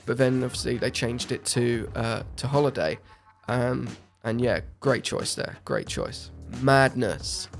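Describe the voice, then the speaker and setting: A man's voice: medium pitch, vocal fry. A young man giving a casual, enthusiastic music review, repeating words for emphasis.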